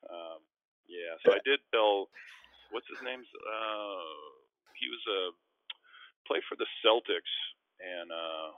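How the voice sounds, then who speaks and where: A former basketball player telling rambling, self-mocking stories in a casual interview. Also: male voice, lowish voice, takes it slowly, long pauses, no echo. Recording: tinny phone-like line.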